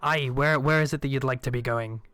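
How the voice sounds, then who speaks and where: A man's voice: mid-range voice, steady tone, brisk, a bit bright, smooth, natural voice. A man voicing a big, burly tavern patron who is drinking ale and talks in a folksy, rambling way. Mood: friendly.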